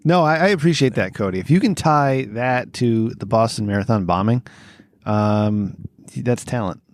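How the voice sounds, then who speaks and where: A man's voice: mid-range voice, normal speed, dry recording. A man co-hosting a comedy podcast, throwing in sarcastic, crude remarks. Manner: sarcastic interjecting, crude jokes. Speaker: podcast co-host. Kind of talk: casual comedic banter.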